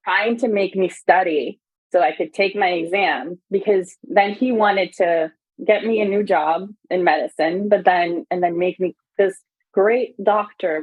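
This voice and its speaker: Woman on a tinny phone line, low voice. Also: no room sound. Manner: candid, animated retelling with many fillers. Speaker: guest. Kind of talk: conversational interview.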